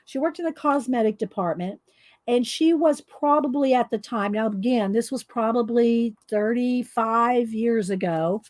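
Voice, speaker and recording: A woman's voice: a little high, measured pace, darkish tone, no echo. A middle-aged woman, telling rambling stories and laughing often while she colors on camera. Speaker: coloring video host. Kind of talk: casual storytelling while coloring.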